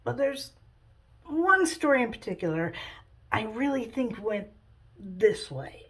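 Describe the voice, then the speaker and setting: Woman, high-ish voice, chatty, rambling, comic storytelling. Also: big pitch swings, takes it slowly, a bit bright. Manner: rambling, chatty, many fillers. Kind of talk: comic retelling of a Bible story.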